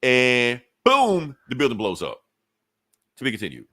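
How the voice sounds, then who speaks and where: A man's voice: medium pitch, wildly swooping pitch, a little slow, pushed and bright, dry recording. A man casually retelling a comic book story on a podcast, acting out the characters' lines and laughing often. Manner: loose storytelling, acts out quotes, laughs often. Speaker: podcast co-host.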